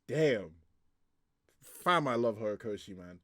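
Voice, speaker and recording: A young man chatting casually as he reacts to a manga chapter, excitable and quick to laugh, with loose, filler-heavy talk. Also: mid-range voice, no echo, clean studio sound.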